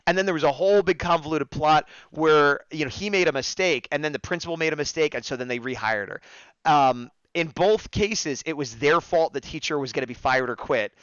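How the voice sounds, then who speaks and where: A man hosts a casual review show, talking through scenes with animated energy and slipping into the characters' lines as he goes. His voice sits a little high for a man. The recording is dry and slightly dull, like a lo-fi stream mic. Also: brisk, clean tone, no room sound. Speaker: podcast host reviewing episodes. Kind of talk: casual chat.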